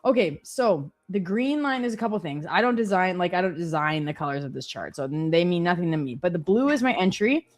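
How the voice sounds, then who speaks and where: A woman's voice: fairly low pitch, animated, a little fast, hardly any pauses. A woman co-hosting a live stream, chatting casually and self-deprecatingly, often quoting her own thoughts. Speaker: co-host trading live. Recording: faint music behind.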